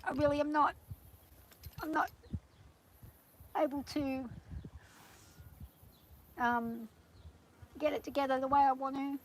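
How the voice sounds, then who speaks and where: A woman vlogging from horseback on her farm, talking nervously and gently soothing her horse. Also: high voice, steady tone, takes it slowly, pauses often, slight background noise, rough recording. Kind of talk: casual spoken vlog.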